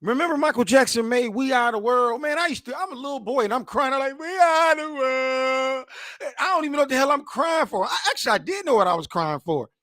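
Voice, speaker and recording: A man in his forties reacting to news clips as host, animated, emphatic and mocking, full of slang. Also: extremely high pitch, quick pace, few pauses, dry recording, clean studio sound.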